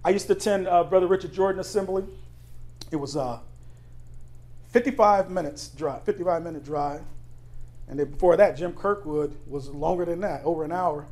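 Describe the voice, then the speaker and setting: A man's voice: fairly high pitch, normal speed, a little mellow. A man preaching a sermon to his congregation, asking the room questions and laughing through personal stories. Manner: conversational preaching with call-and-response questions and laughing anecdotes. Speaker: pastor. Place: church sanctuary.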